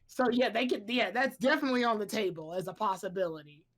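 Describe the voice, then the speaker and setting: A woman's voice: medium pitch, lively intonation, fast. A woman co-hosting a podcast in casual chat, rambling along with lots of filler words and restarts. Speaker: podcast co-host.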